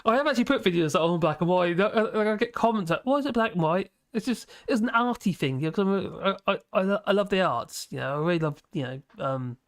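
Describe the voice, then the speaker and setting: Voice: medium pitch, expressive, fast, hardly any pauses, dry recording, studio quality. A livestream host, chatting casually and reading viewer comments in a rambling way, with many restarts and fillers. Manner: laughs often between remarks.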